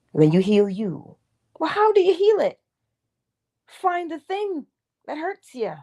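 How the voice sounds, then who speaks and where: Slow, mellow-voiced woman preaching. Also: sits high, sing-song. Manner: emphatic, preacherly, drops to whispers. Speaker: motivational speaker. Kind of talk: inspirational morning talk.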